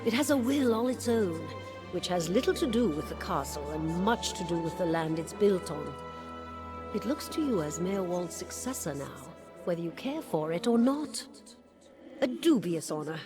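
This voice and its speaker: A weary, devoted castle steward, voiced by an actress speaks in a low, measured and solemn tone. The game dialogue plays over loud music. She sounds wistful about a broken fortress. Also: expressive, lightly acted. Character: aging female steward of a cursed keep, weary and devoted. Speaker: keep steward.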